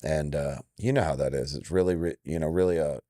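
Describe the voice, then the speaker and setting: A mellow, slightly quick male voice comes through dry and studio-clean: a forties-aged MMA coach from Indiana giving a frank interview as a guest. He hammers his points bluntly and performs quotes with leaps in pitch.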